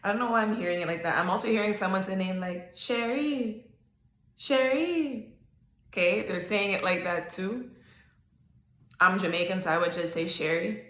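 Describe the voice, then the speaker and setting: A woman's voice: on the low side, fairly even intonation, fairly quick, bright, forceful tone, roomy sound. A woman hosting a solo podcast, chatting casually and talking straight to her listeners with frequent okays. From Canada. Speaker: podcast host. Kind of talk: solo psychic-reading podcast talk.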